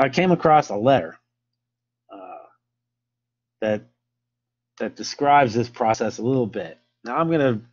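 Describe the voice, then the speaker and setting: A man's voice: fairly low pitch, a little mellow, muffled recording. An American man presenting a casual history lesson, rambling with many filler sounds and restarts.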